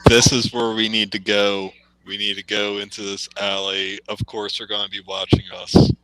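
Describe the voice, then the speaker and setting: Guy player, low-ish voice but bright and crisp, pushy about going. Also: flat delivery, moderate pace, a little hiss or hum, rough recording. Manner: insistent, urging the group on. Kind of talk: tabletop game play.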